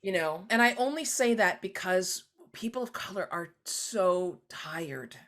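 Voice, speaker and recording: A woman guest author talking animatedly in an interview, often acting out quoted voices with sudden high jumps. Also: expressive, measured pace, a bit bright. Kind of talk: conversational interview.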